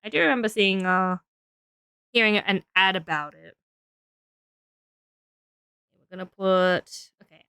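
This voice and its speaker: A woman's voice: mid-range voice, fairly bright tone, smooth, dry recording, studio quality. A woman streaming, chatting casually and giggling as she builds and talks to her viewers, tired and trailing off into self-talk. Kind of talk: casual live-stream chat while building.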